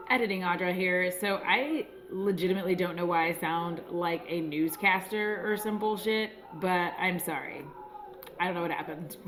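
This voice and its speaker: A chatty woman vlogger speaks to her viewers at a medium pitch, upbeat and easygoing, poking fun at herself now and then. Her voice rings a little in a roomy space. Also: a bit bright. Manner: chatty, upbeat, self-deprecating. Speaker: beauty vlogger. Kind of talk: casual chatty video review. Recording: roomy echo.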